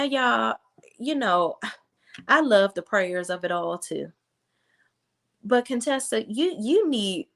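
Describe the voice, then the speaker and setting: A woman's voice: medium pitch, a bit bright. A woman hosting a reality TV review, recapping an episode in blunt, sassy casual commentary. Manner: blunt, sassy, talks straight to viewers.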